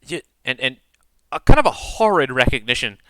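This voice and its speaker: A man runs a tabletop game, describing each moment loosely and with lots of fillers. His voice is bright and crisp. The sound is dry, with no room echo. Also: mid-range voice, lively intonation, a little fast. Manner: rambling, filler-heavy description. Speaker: game master.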